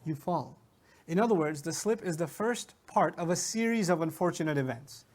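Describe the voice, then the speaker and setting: A man teaching Quran commentary in an animated lecture, asking rhetorical questions and retelling stories with humor. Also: on the high side, normal speed. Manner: animated, asks rhetorical questions and answers them.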